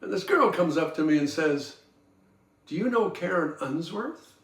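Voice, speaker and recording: A man's voice: on the high side, lively intonation, moderate pace. A man, hosting a podcast and telling folksy, rambling stories with chuckles and fillers. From Toronto, Canada. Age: 70s. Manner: folksy, chuckling, lots of ums and uhs. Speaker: podcast host. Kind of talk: rambling personal storytelling. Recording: roomy sound from a distant mic, faint guitar music.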